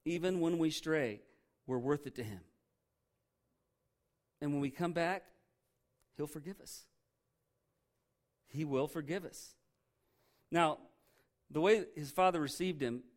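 A man preaching a sermon as pastor, earnest and emphatic, repeating key phrases and dropping softly low on the lines he stresses. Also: moderate pace, long pauses.

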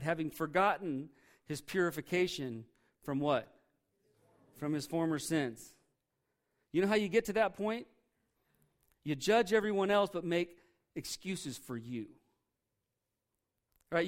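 A man preaching a sermon. He reads scripture aloud and explains it in a conversational way, pushing hard on key words and then dropping to a quiet voice. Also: a little high. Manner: emphatic, swings between loud stresses and quiet drops. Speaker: pastor.

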